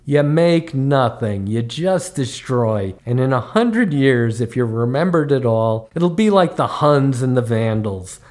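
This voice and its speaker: A man's voice: mid-range voice, a little mellow, close to an everyday voice. An actor playing a middle-aged male comedy writer held hostage, defiant and wisecracking in scripted comedy dialogue. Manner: sardonic, quick, defiant wisecracks.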